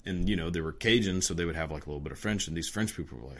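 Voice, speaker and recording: Young adult man, very low voice, profane casual rant, lots of "like" and restarts. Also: brisk, few pauses. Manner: crude, profane, rambling with many fillers.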